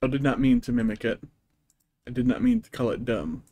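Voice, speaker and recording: A young man in the middle of a casual game stream, his voice sitting right at an ordinary middle pitch. He talks to his viewers in a loose, wry way, poking fun at the game and at himself as he plays. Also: wildly swooping pitch, a little fast, dark tone, no echo. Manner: wry, self-mocking asides to chat. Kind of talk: casual gameplay commentary.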